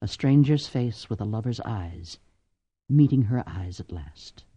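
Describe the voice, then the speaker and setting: Expressive male audiobook narrator. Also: on the low side, a little slow, no echo. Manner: expressive reading. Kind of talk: scripted narration.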